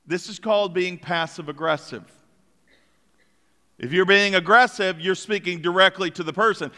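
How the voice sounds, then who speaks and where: A male pastor preaching a sermon and acting out the story's characters with lively voices. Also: high-pitched, moderate pace. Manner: animated, acts out voices of characters. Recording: long hall reverb.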